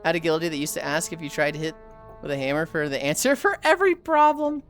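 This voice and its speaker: A live-streaming woman in her thirties chats casually with her chat and friends, her storytelling animated and broken up by frequent laughs. Her low-pitched voice moves quickly, with faint music behind her.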